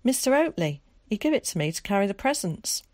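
A woman's voice: medium pitch, sing-song, darkish tone, no room sound, studio quality, voice pushed up, natural voice. Woman doing a young boy. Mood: shy. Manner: earnest, pleading, quick to explain. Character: cheeky eager young London boy, evacuee.

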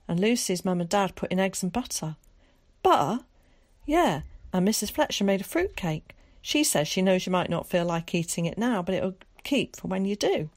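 A woman's voice: medium pitch, a little mellow, no room sound, close to an everyday voice. A woman voicing an earnest young boy, an evacuee pleading with his mother in a storybook reading. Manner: earnest, pleading, quick to explain. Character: cheeky eager young London boy, evacuee.

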